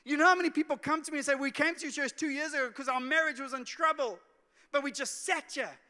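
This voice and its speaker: A man from South Africa preaching a sermon as a pastor, moving from hushed pleas to loud urgent calls. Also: very high voice, fast talker. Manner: emotional, swings from hushed to shouting. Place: church hall. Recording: church hall reverb with soft music.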